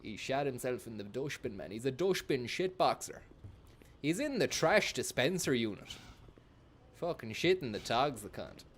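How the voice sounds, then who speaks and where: A man giving sweary, joking live commentary while playing a game, now and then bursting into loud shouts. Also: mid-range voice, sing-song, normal speed, husky. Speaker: gaming streamer.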